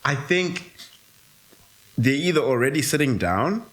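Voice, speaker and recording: A man co-hosting a casual podcast, rambling and correcting himself, quick to laugh. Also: medium pitch, lively intonation, a bit bright. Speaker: co-host.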